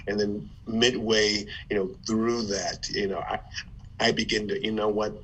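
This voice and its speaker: A man from Ohio, a former football player turned motivational speaker, telling his life story in an animated way with stammered restarts. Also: fairly low pitch, unhurried, slight background noise, rough recording. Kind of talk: conversational storytelling.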